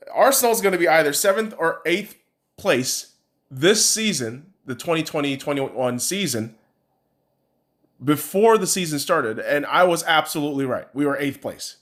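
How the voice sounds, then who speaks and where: A man's voice: on the high side, fairly bright tone. A man hosting a podcast, giving a casual sports opinion rant in a blunt, profane and rambling way. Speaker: podcast host.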